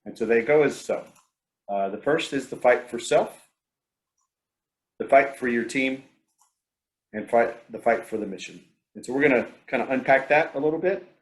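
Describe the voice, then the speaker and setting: Male presenter, mid-pitched, halting storyteller with lots of ums and restarts, online meeting talk. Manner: hesitant, many fillers and restarts, storytelling.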